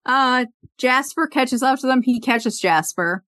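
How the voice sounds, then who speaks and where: A woman's voice: high voice, a little slow, fairly bright tone, no room sound. A woman hosting a podcast, casually retelling an episode's scenes and quoting the characters. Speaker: podcast host. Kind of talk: casual recap chat.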